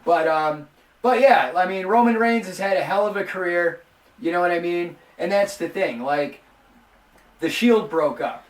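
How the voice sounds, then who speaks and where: A man's voice: high-pitched, moderate pace. A man in his forties, hosting a casual show and rambling profanely about wrestling. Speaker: host. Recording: roomy, distant mic, faint music.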